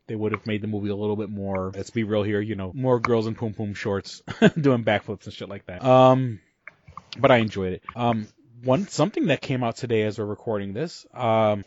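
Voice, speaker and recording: A man's voice: medium pitch, muffled recording. A man co-hosting a casual podcast, rambling with lots of fillers, restarts and swearing. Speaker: podcast co-host.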